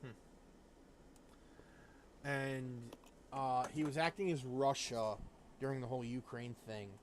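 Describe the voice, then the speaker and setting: A man's voice: mid-range voice, steady tone, slow, a little hiss or hum. A young man streaming a game, telling a rambling story full of fillers. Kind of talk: casual gaming stream chat.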